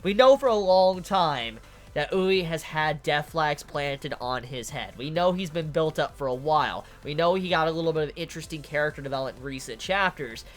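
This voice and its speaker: A woman's voice: sits low, lively intonation, normal speed. A young woman giving casual manga commentary, emphatic and repetitive, swearing often. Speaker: manga reviewer.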